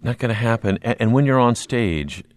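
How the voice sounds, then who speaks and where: A man hosting an interview, asking questions in a measured, conversational way. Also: mid-range voice, lively intonation, dry recording. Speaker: interview host. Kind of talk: broadcast interview.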